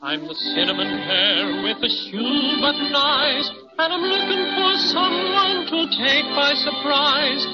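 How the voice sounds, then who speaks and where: A woman's voice: high voice, animated, slow pace, hardly any pauses, over loud music. A woman voicing a tiny, playful, mock-ferocious male teddy bear with an Irish accent in a 1930s radio drama, speaking in jaunty rhymes and polite old-fashioned phrases. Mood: sing-song. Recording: dull old radio transcription.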